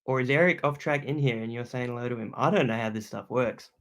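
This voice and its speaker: This young adult man hosts a YouTube livestream, talking fast in a mid-range voice with an Australian accent. He's loud and laid-back, peppering his reading of viewer comments with plenty of slang.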